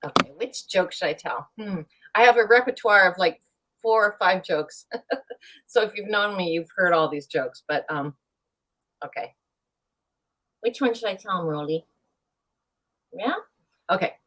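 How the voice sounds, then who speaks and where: A woman chatting as a guest on a live show, playful and lively as she tells a long joke. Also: medium pitch, measured pace, long pauses. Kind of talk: casual chat, telling a joke.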